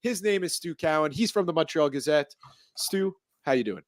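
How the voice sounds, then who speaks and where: A man hosting a sports podcast in a chatty, animated way with quick asides. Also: fairly high pitch, no room sound. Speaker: podcast host. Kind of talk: casual sports podcast chat and sponsor reads.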